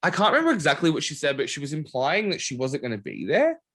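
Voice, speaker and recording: A man hosting a podcast, telling a story in casual chat with animated delivery. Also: fast. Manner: animated storytelling, lively pitch swings. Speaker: podcast host.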